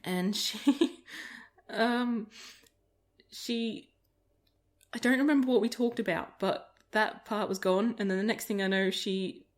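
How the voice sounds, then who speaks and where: Speaking slowly with a medium pitch and fairly even intonation, a woman plays a game on video and chats in a relaxed way. She wanders from story to story and laughs frequently.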